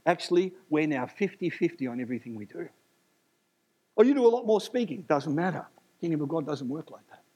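A man preaching a sermon, animated and emphatic, with jokes and asides. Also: a little high, husky.

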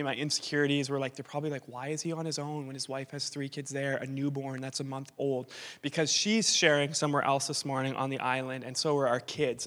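A man's voice: on the high side, a bit bright. A man in his thirties, a visiting missionary, telling joking, self-deprecating stories to a church, speaking at a stage mic in the sanctuary. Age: 30s. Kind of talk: church talk with humorous stories. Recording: long hall reverb.

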